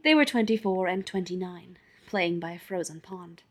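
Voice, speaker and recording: A woman narrating a fan-written story in a calm, measured reading voice. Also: lowish voice. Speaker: fanfiction audiobook reader.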